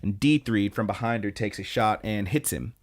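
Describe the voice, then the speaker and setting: A man's voice: lowish voice, moderate pace. A man co-hosting a podcast, casually retelling an anime episode with fillers and quoted lines. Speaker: podcast co-host. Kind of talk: casual chat recapping an anime.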